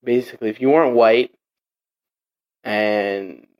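A man's voice: medium pitch, unhurried, dull audio. A young man chatting casually, rambling with lots of fillers and restarts. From Portuguese heritage. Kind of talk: casual chat.

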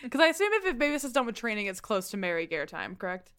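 Woman player in a tabletop game, teasing, quick to laugh, casual. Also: mid-range voice, sing-song, fairly bright tone, clean tone. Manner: laughs often, playful and teasing.

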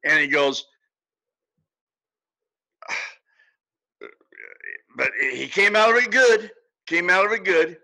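Older man, very bright voice, folksy storyteller, casual podcast guest. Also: sits high, animated, slow pace, vocal fry, long pauses, poor audio.

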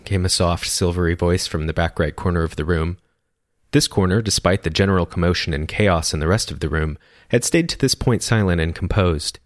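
Man narrating a story, even, descriptive, very deep voice, dry sound. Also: fairly quick, dry recording.

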